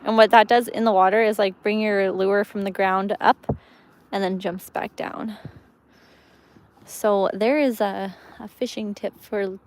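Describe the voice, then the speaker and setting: A woman's voice: mid-range voice, steady tone, unhurried, rough recording. Chatty young woman streaming by a lake. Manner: chatty and giggly, reads viewer comments. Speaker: fishing livestreamer. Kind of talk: casual live-stream chat. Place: outdoors on a lakeshore.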